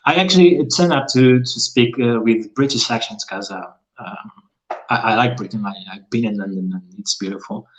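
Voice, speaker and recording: A man's voice: medium pitch, animated, moderate pace, rough recording. A young man from Portugal, chatting casually in English with a playful, joking manner. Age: young adult. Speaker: conversation partner.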